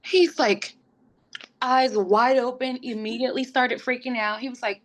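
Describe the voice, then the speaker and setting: This young woman, a guest on a podcast, casually tells a personal story at normal speed in a slightly high voice. She's animated and acts out what other people said.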